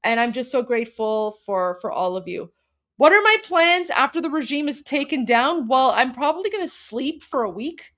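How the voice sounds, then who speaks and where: A woman's voice: sits high, expressive, moderate pace. A woman in her thirties hosting a livestream, talking to viewers in a rambling, hesitant way. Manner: rambling, hesitant, emotional and warm toward viewers. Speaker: livestream host. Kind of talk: casual livestream chat to viewers.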